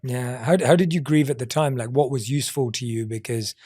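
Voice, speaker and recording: A man's voice: medium pitch, a little fast, husky. Reflective man hosting a podcast. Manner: reflective, gently probing, casual fillers. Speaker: podcast host. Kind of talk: podcast interview.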